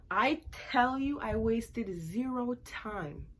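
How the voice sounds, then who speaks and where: Animated woman vlogger telling a story. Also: a little high, slow, few pauses. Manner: animated, emphatic, repeats lines for effect.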